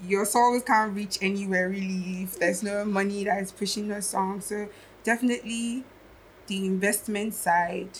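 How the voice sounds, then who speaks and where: A young woman talks through her thoughts on a podcast, musing and reflective as she weighs each point. Her voice sits at a middle pitch for a woman, and her delivery stays casual and conversational. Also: steady tone, normal speed, a little hiss or hum, low-quality recording. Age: young adult. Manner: reflective, musing, thinks aloud. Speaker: guest musician.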